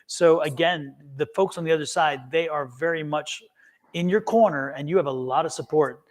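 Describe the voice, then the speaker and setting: A man's voice: on the high side, moderate pace. A man doing a live tarot and psychic reading, earnest and reassuring, who often restarts and repeats words. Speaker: tarot reader.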